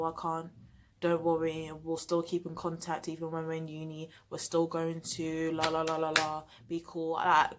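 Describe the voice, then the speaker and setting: A young woman telling a storytime vlog in an animated, emphatic way, acting out the quoted dialogue. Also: sits low, a little hiss or hum. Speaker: vlogger.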